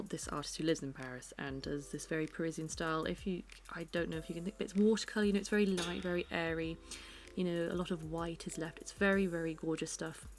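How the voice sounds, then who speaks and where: A young British woman chatting casually at home while she sketches, rambling and self-deprecating. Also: fairly low pitch. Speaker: art vlogger. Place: her living room at home.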